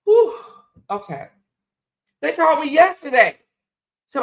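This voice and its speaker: A woman hosting a casual live stream, talking in an animated, ranting way and laughing often. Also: medium pitch, moderate pace. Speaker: livestream host.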